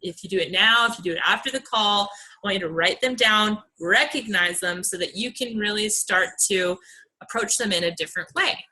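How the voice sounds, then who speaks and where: Woman, bright tone, earnest, chatty, motivational team call, young adult. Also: medium pitch, moderate pace, low-quality recording. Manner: earnest, chatty, many fillers. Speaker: team coach leading a call.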